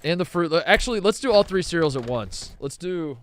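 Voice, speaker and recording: A man hosting a casual sports podcast, trading jokes and quick comebacks with his crew. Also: a little high, lively intonation, noisy background. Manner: joking banter, quick comebacks. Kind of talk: casual chat.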